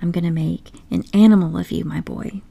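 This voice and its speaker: A woman voicing a boastful, excitable male toad in an audiobook story, talking grandly and pushily. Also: on the low side, brisk, gravelly. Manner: grandly enthusiastic, pushy.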